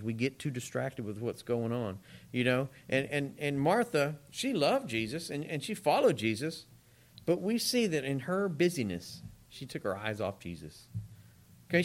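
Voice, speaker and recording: A man preaching a sermon in a conversational, animated way, with asides to his congregation. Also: medium pitch.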